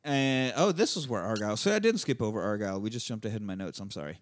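A man hosting a podcast, recapping a movie in a loose, profane way and slipping into quick character voices. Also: lowish voice, lively intonation, no echo, studio quality. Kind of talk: casual chat.

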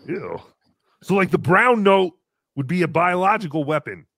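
A man's voice: high voice, sing-song, normal speed, a bit bright, no room sound, studio quality, exaggerated voice. A man voicing a small, crude, giggly green puppet creature who hosts a comedy stream, reads out donations and talks about himself in the third person. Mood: cheeky. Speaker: puppet host reading donations. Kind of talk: comedy livestream puppet act.

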